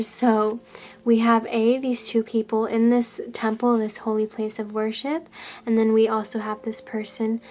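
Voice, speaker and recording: A woman reads tarot for her viewers in a gentle, reassuring way. Her voice sits a little high, and she pauses often and fills gaps with soft hesitations. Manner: gentle, reassuring, with frequent fillers. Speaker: tarot reader. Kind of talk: tarot reading monologue.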